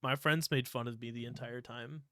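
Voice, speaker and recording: A man's voice: medium pitch, steady tone, moderate pace, pushed and bright, dry recording, studio quality. A young man from Ohio, co-hosting a podcast, telling rambling stories full of swearing. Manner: profane, rambling storytelling with frequent swearing. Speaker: podcast co-host. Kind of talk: casual chat.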